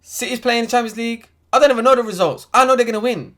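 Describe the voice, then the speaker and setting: A man's voice: extremely high pitch, rapid-fire, fairly bright tone. A young man ranting in a vlog, heated and exasperated, full of slang. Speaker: football fan vlogger. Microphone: desk USB microphone.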